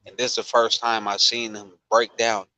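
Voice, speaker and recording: A man from Long Beach tells a story in relaxed, emphatic chat and drives points home with repetition. His tone is bright and forceful. The sound is dry and close, with no room echo. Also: medium pitch, normal speed. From Long Beach, California.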